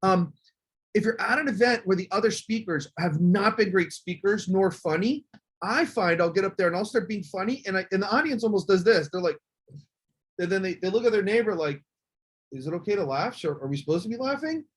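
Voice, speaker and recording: A man's voice: sits high, fairly quick, breathy edge. A man coaching speakers on a group call, telling stories in a casual way and acting out what people say. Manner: animated storytelling, acts out quotes.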